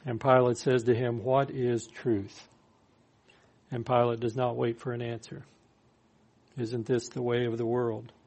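A man's voice: medium pitch, completely flat delivery, normal speed, a little mellow. A man preaching a sermon, reading scripture aloud and explaining it with dry humor. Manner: reads verses then explains with dry humor. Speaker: pastor.

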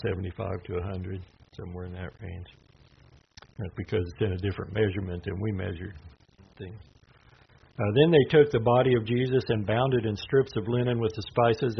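A man's voice: lowish voice, vocal fry. A man teaching through a Bible passage in a conversational way, reading scripture aloud and adding asides. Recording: dull lo-fi sound with faint noise.

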